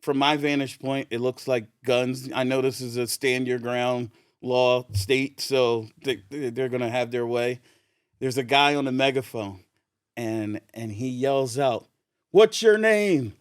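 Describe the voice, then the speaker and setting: A man tells a story in a relaxed, animated way, laughing through it. His voice sits at an ordinary pitch. The sound is dry and close on a podcast mic. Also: a little slow, smooth, no echo. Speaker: podcast guest. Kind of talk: casual anecdote telling.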